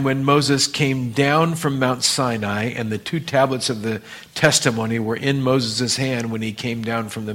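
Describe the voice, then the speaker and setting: A man's voice: medium pitch, fairly bright tone. Man teaching a casual Bible study. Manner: casual, explaining with fillers and asides.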